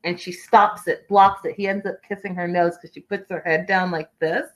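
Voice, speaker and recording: A woman's voice: fairly low pitch, fairly even intonation, moderate pace, low-quality recording. Chatty woman recapping a reality show. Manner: chatty and gossipy, reads viewer comments aloud. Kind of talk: casual livestream recap chat.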